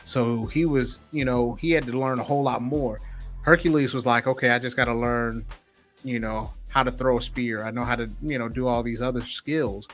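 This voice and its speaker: Here a man co-hosts a loose group chat about film and TV, speaking at a middle pitch. He animates his points with little acted-out quotes and laughter, and faint music sits under the recording. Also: steady tone, moderate pace, fairly bright tone. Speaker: podcast co-host.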